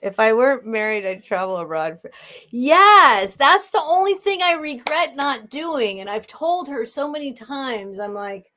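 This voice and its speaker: A woman's voice: high-pitched, lively intonation, a little slow, bright, forceful tone. A middle-aged woman hosting a casual live sale stream, talking in a chatty, rambling way with emotional asides.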